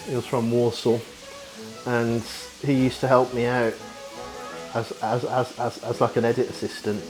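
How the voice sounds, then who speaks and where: A young man talks his way through cooking in a home kitchen, chatty and rambling, with the odd casual swear. Food sizzles in a pan while music plays clearly behind him. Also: mid-range voice, rough recording. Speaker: vlogger. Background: frying sizzle and music.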